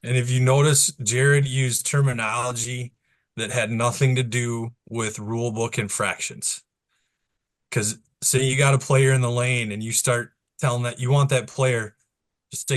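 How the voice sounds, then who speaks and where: A man's voice: mid-range voice, steady tone, normal speed. A man explaining how officials speak to players, stepping into short, raised court calls as examples. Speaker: basketball officiating instructor. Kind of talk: instructional talk to new officials.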